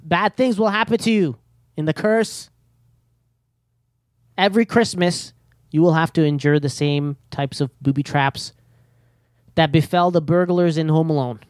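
A man hosting a casual podcast, rambling nervously with plenty of ums and jokes at his own expense. His voice sits a little high for a man, recorded dry and close to the mic. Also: a little mellow, dry recording. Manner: nervous, self-deprecating, rambling with many fillers. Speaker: podcast host. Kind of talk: casual solo podcast chat.

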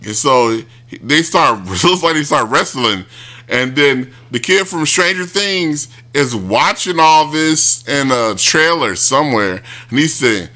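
A man casually retelling a show, rambling with many restarts and mimicking people in high yelps. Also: animated, a little slow, bright, forceful tone. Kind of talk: casual commentary.

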